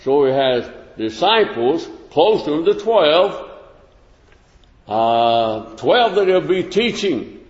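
A man with a slightly high voice gives a relaxed, folksy Bible lesson, stopping often to restart his sentences. The sound is dull and lo-fi, with a long echo from a large church hall. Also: takes it slowly. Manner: plain-spoken, folksy, with many restarts. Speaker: Bible class teacher.

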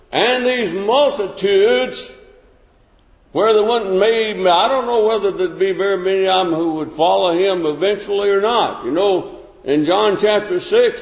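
Folksy man teaching in an echoey church hall. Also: sits high. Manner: plain-spoken, folksy, with many restarts. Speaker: Bible class teacher. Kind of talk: informal Bible lesson. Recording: echoey hall, dull lo-fi sound.

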